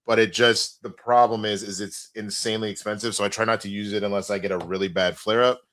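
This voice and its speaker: A man's voice: fairly low pitch, steady tone, fast talker, a bit bright. A man co-hosting a casual livestream, chatty and restarting his sentences as he reads donations aloud. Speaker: podcast co-host.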